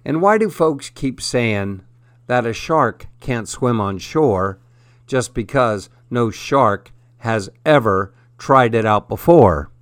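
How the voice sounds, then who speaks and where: A man's voice: mid-range voice, lively intonation, slow, dry recording, studio quality. A man reading aloud the lines of a hungry, puzzled male shark in a storybook poem, with a folksy, clipped delivery. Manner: folksy dropped g's.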